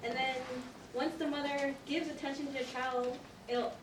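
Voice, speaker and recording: A woman's voice: high-pitched, steady tone, moderate pace. A woman student asking a question in class, hesitant and searching for words. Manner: hesitant, many fillers. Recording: distant echoey classroom with noise.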